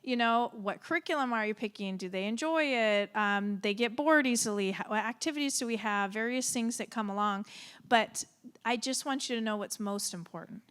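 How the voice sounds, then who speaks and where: A middle-aged woman and former therapist giving an animated, laugh-filled talk to a moms' group. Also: a little high, moderate pace, clean tone. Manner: animated, acts out reactions, laughs often.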